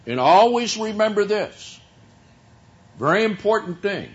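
A man preaching a sermon, teaching from scripture in a slow, deliberate way with drawn-out emphasis. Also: high voice, big pitch swings, lo-fi sound.

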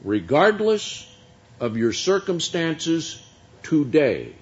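A man preaches a sermon, teaching from scripture slowly and deliberately with drawn-out emphasis. His voice is on the high side with big pitch swings, and the highs are cut off.

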